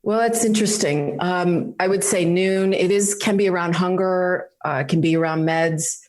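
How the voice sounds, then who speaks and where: A woman's voice: fairly low pitch, a little mellow. A woman calling in to a podcast Q&A, searching for words with many "you know"s. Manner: halting, lots of "you know" and "kind of". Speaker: caller asking a question. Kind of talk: casual call-in question.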